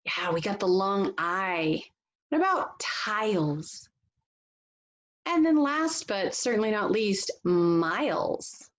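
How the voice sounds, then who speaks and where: Woman, teacher, phonics read-aloud, slow, lively pitch. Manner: slow, deliberate reading with lively pitch and soft laughs.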